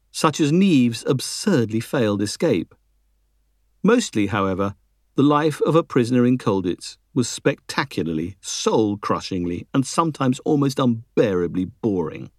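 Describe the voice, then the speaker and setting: A man reading a history book aloud as a narrator, measured and lifting his pitch for emphasis. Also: very animated, dry recording, studio quality. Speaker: audiobook narrator.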